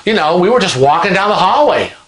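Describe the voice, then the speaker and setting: A man's voice: sits high, sing-song, quick pace, fairly bright tone. A man voicing an indignant, flustered male passenger who stammers defensively. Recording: roomy echo.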